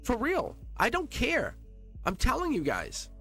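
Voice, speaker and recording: A man giving an emotional tarot reading to viewers, talking in an excitable, emphatic way, often laughing and repeating himself. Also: very high voice, a little slow, creaky. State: emotional, near tears. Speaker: tarot reader. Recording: soft music playing behind.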